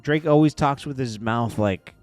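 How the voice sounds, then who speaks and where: A man's voice: medium pitch, normal speed, no room sound, soft background music. A man hosting a casual celebrity news commentary, rambling with chuckling asides. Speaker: host.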